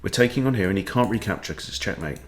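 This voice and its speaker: A man's voice: fairly low pitch, lively intonation, quick pace. A man, a chess coach, commenting on his own game as he plays, thinking aloud and tossing in playful quips.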